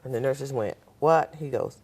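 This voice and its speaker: A woman's voice: rumbling low, normal speed, darkish tone, slightly rough. An older woman, a guest on a talk show, telling a personal story and acting out the voices of the people in it.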